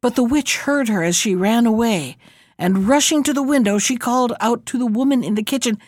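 A woman's voice: on the high side, a little mellow, no echo. Woman reading a fairy tale, dry sound. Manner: measured storytelling. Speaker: storyteller.

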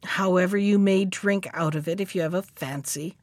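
A woman's voice: on the low side, moderate pace, no room sound, studio quality, pitched below the performer's own voice, close to an everyday voice. A woman voicing a rude, proud young woman with a pert, sneering manner. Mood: disdainful. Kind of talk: storybook reading.

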